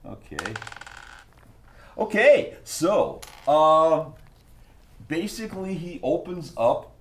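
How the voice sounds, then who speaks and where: A man narrating a tabletop game as game master, animated, with spoken sound effects. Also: on the high side, slow pace, a little hiss or hum. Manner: animated, laughing often, sound effects like "blam".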